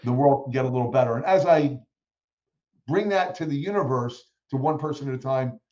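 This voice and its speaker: A man telling stories as a guest in an interview, acting out the people he quotes with lively energy. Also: medium pitch, a little fast, roomy sound, lo-fi sound. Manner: animated storyteller who acts out quoted voices. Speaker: guest speaker. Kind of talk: storytelling in a podcast interview.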